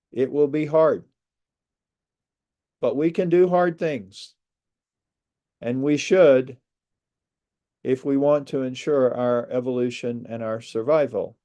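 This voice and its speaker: Male speaker, mellow low-key tone, unhurried and earnest, reflective presentation talk. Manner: measured, earnest, with pauses. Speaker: speaker on space migration. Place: lives outside a large US city.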